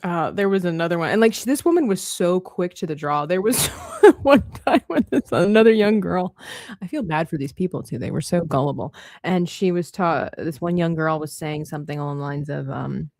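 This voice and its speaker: A woman's voice: on the low side, normal speed, gravelly, dry recording, studio quality. A woman hosting an art livestream, chatting casually while she draws, telling stories with lots of laughter. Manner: animated storyteller who laughs often.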